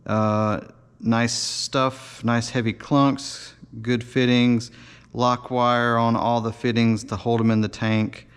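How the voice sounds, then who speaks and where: A man's voice: mid-range voice, little pitch movement, takes it slowly, smooth. A man casually showing and explaining his model build in a workshop, talking in a loose, rambling way with many fillers and restarts. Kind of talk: casual workshop show-and-tell.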